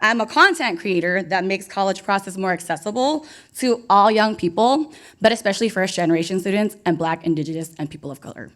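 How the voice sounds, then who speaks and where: A young woman with an animated, mid-range voice emcees an award ceremony before a live audience. Speaking a little fast with a fairly bright tone, she's bubbly, playful and hyped, addressing the crowd head-on.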